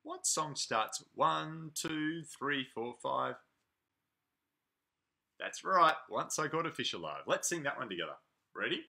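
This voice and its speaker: Lively, sing-song man reading to toddlers. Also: fairly high pitch, creaky. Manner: animated, sing-song, drawn-out words. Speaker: preschool playgroup leader. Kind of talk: reading a picture book to toddlers.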